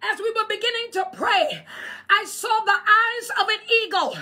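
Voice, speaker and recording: A woman's voice: very high voice, moderate pace, bright, forceful tone, faint music behind. A woman preaching an impassioned sermon, fervent and crying out in bursts.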